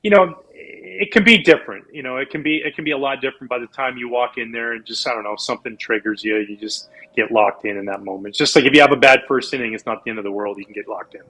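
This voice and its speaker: Man, husky voice, animated rambling storyteller, interview guest, from Canada. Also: mid-range voice, quick pace, hardly any pauses, poor audio. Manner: animated, rambling with restarts and laughs. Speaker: former pro pitcher, guest.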